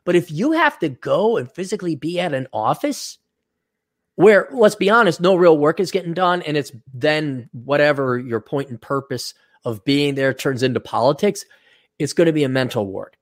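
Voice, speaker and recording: A man with a somewhat high voice riffs bluntly and sarcastically while reading out viewer donations. He talks casually, close to the mic in a dry, deadened room. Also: expressive, moderate pace, dry recording. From Wisconsin. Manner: blunt, sarcastic, acts out mocking quotes. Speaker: podcast co-host.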